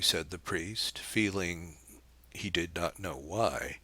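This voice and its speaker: Man reading a novel aloud, deep and slow, dry close mic. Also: bright, forceful tone, no echo. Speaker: audiobook narrator. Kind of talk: scripted narration of a novel.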